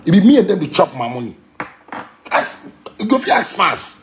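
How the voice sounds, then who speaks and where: A man in his thirties with a Ghanaian accent, ranting heatedly on a phone livestream and preaching, swinging between loud outbursts and low murmurs. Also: very animated, moderate pace, slight background noise. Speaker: musician live-streaming. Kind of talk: impassioned social media rant.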